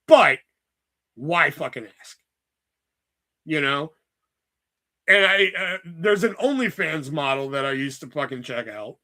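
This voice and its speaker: A man's voice: on the high side, lively intonation, takes it slowly, pauses often, pushed and bright. A man streaming live, rambling in a casual, exasperated rant full of swearing. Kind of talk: casual profane livestream rant.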